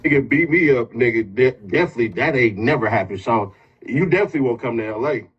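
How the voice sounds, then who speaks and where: A man's voice: medium pitch, expressive, fast, husky. A man from Los Angeles in a casual livestream argument, defiant and threatening. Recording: dull lo-fi livestream audio.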